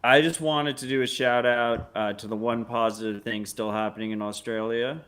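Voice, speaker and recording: A man's voice: mid-range voice, steady tone, normal speed, a bit bright, smooth. A man co-hosting a casual podcast, blunt and wry, swearing freely. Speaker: podcast co-host.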